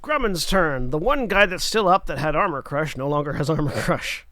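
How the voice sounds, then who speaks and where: Bright-voiced man running a tabletop game. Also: on the high side, expressive. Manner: quick rules explanations, playful asides. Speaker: game master.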